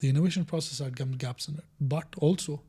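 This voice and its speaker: A man's voice: fairly high pitch, quick pace, husky. A middle-aged man, a guest, talking through a story in an interview and acting out the quoted lines. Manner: animated storyteller who acts out quoted dialogue. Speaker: guest, innovation director.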